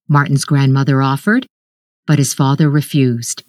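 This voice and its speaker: Slow low-voiced woman reading a story. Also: animated, darkish tone, no echo, clean studio sound. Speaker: narrator. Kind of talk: literary short story reading.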